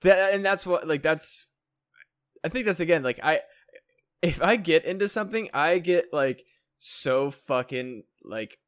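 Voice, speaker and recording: Rambling, halting comedian co-host. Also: male voice, fairly high pitch, animated, fairly bright tone, clear, resonant tone, no echo, studio quality. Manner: rambling, halting, full of fillers and swearing. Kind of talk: casual chat.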